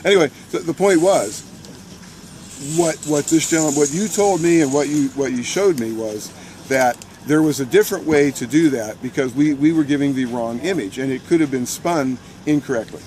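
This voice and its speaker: Excitable man telling a story outdoors. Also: fairly high pitch, normal speed, slight background noise. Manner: excitable, restarts and repeats words, laughs mid-sentence. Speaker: militia member recounting a protest. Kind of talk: animated first-person storytelling.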